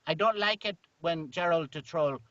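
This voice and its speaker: A man's voice: a little high, fairly bright tone, dry recording, muffled recording. A man hosting a podcast, rambling playfully through an improvised comic chat. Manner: playful, rambling, quick to joke. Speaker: podcast host.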